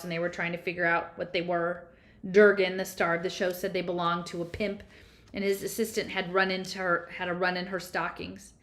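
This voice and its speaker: A woman narrates a first-person novel in an audiobook, reading conversationally and a bit unpolished, with small slips. Her voice is slightly low with a fairly bright tone.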